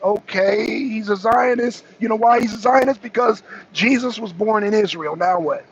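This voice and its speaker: Husky and high, with vocal fry, this male co-host's voice moves at a moderate pace with few pauses. He argues heatedly on a political talk show, repeats himself, and mocks those he replies to. The audio is a dull lo-fi stream with faint noise.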